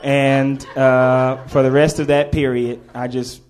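A man's voice: medium pitch, level tone, takes it slowly, noisy background. A man telling a comedic story to a live audience, laughing and acting out the voices of the people in it.

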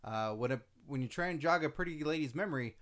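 A man co-hosting a casual podcast, joking and playful with deadpan asides. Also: on the high side, fast. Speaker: podcast co-host. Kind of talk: casual chat.

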